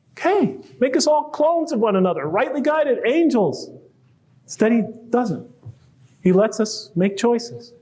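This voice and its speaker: High-voiced man lecturing. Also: a little mellow. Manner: conversational, posing rhetorical questions and quoting verses. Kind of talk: public lecture to a live audience.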